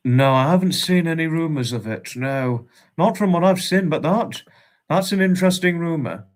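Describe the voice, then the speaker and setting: A man hosting a livestream in casual chat, warmly greeting viewers and reading out their comments with frequent chuckles. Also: on the high side, expressive, moderate pace. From United Kingdom. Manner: affectionate, greets viewers as darling, chuckles often. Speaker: livestream host.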